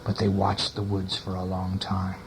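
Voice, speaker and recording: A man's voice: deep voice, completely flat delivery, normal speed, noisy background. Man reading a bedtime story aloud. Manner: casual, chatty asides to the listener. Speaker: parent reading to a child.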